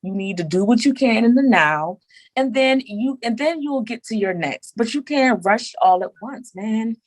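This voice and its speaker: A woman talking as a podcast guest in casual chat, animated and emphatic, repeating her words for emphasis. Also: a little high, moderate pace, no room sound, low-quality recording.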